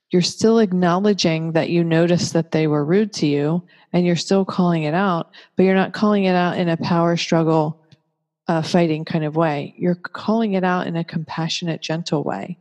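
A woman with a low, mellow voice talks through a parenting lesson in a calm, reflective way. She is gentle and patient and builds her points slowly with examples, and a long reverb trails behind her words. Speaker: parenting speaker. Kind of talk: calm reflective teaching talk. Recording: long reverberant room echo.

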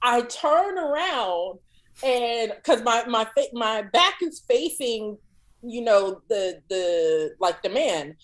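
A woman co-hosting a casual podcast, telling a funny story in an animated way and acting out her own panicked shouts. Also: fairly high pitch, takes it slowly, low-quality recording. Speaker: podcast co-host.

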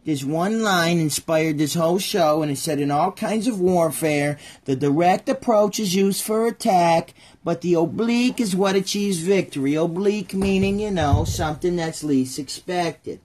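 A man's voice: high voice, normal speed, few pauses, darkish tone. A man hosting a podcast, retelling history in a loose, joking way full of puns and rambling asides. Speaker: podcast host. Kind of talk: casual comedic history chat.

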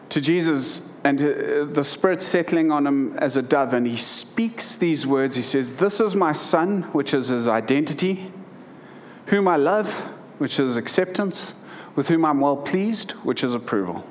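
A man's voice: fairly high pitch, lively intonation, measured pace, slight background noise. A man in his thirties preaching a sermon, reading scripture and then telling a personal story earnestly, with emotion and frequent restarts. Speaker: pastor.

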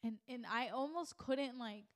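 A young woman hosting a faith podcast, telling a personal story in animated fashion and acting out her own thoughts. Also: a little high, a little slow. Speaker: podcast host.

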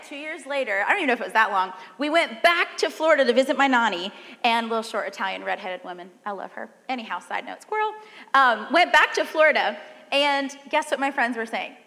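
Animated woman preacher in a reverberant hall. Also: on the high side. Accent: Southern American. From Southern United States. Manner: animated, conversational, asks the audience questions. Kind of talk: sermon.

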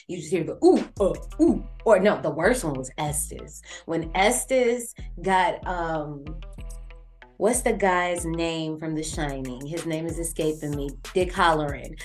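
Low-voiced woman, animated and teasing. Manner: animated, teasing, swears freely. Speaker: podcast co-host. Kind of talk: casual chat and film review.

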